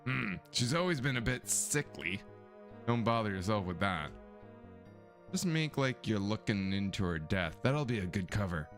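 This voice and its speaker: A man putting on a gruff secretive old man. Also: on the low side, lively intonation, moderate pace, a bit bright, faint music behind, voice pushed down.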